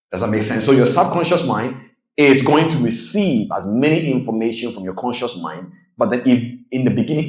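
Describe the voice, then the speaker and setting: A man coaching traders in a motivational presentation, telling stories with lively delivery and acting out the people in them. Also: fairly low pitch, echoey room, poor audio. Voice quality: animated storytelling, acts out quoted voices. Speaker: trading coach.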